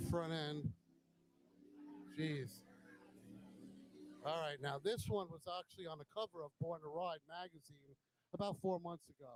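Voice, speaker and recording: Male host, slightly high voice, casual admiring walkaround banter. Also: low-quality recording. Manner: chatty, admiring, joking.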